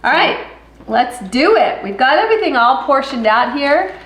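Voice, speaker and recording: A woman's voice: high voice, very animated, moderate pace, a bit bright, echoey room, a little hiss or hum, poor audio. A woman co-hosting a casual home cooking video, chiming in with quips. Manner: chimes in with quips and agreement. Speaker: cooking show co-host. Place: home kitchen.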